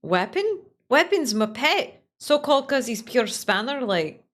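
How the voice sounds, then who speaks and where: A shouting Scottish man, loud and excitable, who yells the same word again and again while fussing over his pet, put on by a woman reading game dialogue. The voice rides high and pushes hard. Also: unhurried. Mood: shouty, excitable. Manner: loud, keeps yelling one word over and over.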